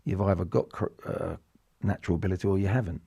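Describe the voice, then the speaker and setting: English man, sixties, dark mellow voice, dry close sound, rambling interview chat. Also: sits low, fast, creaky, husky, no room sound. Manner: rambling, with frequent restarts and repeated words. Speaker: interview guest, former footballer. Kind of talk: casual reflective interview talk.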